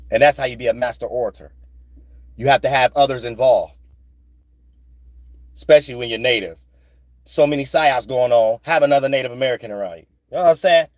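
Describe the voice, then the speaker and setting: Recorded dry, a slightly high-voiced man delivers a meandering spiritual talk as a vlogger. He swears freely, sounds street-savvy, loops phrases in sing-song bursts, and keeps asking "you know what I'm saying."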